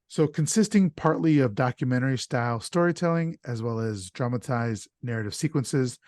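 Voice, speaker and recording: A man's voice: mid-range voice, a little mellow, dry recording, studio quality. A man hosting a casual podcast chat, talking loosely and stumbling over names, with an easy laugh. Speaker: podcast host.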